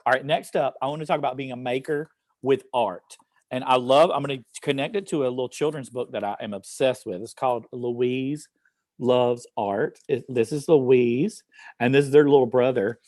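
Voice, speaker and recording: An educator in an office reads a poem to an online class, upbeat and encouraging, with frequent fillers. His voice is medium-pitched and darkish, and the studio sound is clean without echo.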